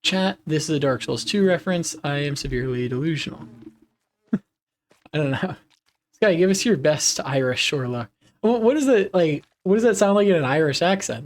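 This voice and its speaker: A man's voice: a little high, lively intonation, normal speed. A man chatting casually with his viewers on a live game stream, laughing often.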